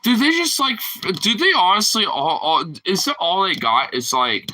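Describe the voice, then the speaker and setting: A man's voice: high voice, huge pitch swings, moderate pace, hardly any pauses, pushed and bright, low-quality recording. A man ranting casually as a vlogger, rambling and profane, often laughing at his own points. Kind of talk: casual rant to camera.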